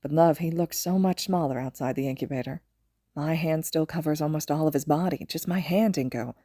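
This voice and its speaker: A woman voicing a tender young father who speaks softly and haltingly, in a podfic reading. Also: deep voice, no echo, clean studio sound. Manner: soft-spoken, halting, affectionate.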